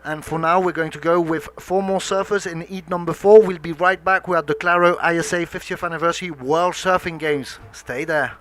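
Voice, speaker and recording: A man doing live surf commentary, steady and explanatory, leading to a break. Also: on the high side, fairly quick, few pauses, slight background noise.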